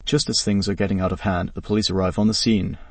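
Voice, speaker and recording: A man narrating a scripted story in a flat, even read. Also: low-pitched, fast, no room sound, distant mic.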